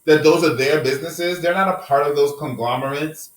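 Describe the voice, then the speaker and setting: A man's voice: on the high side, a little fast, reverberant, distant mic, poor audio. A man hosting a podcast, holding forth in a passionate, profane rant during a casual group discussion. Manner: impassioned, profane, preachy rants. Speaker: podcast host.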